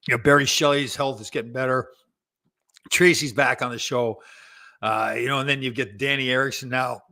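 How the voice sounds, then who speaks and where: Bright-voiced man hosting a rambling chat. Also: medium pitch, fairly even intonation, normal speed. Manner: rambling, searches for names, self-correcting. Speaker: show host, former hockey player. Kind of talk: casual live show chat.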